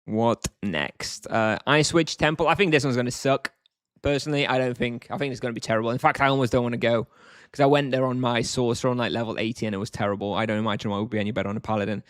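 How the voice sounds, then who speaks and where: A man's voice: mid-range voice, steady tone, fast talker, no echo, clean studio sound. A man chatting casually while streaming a game, answering chat in a wry, offhand way.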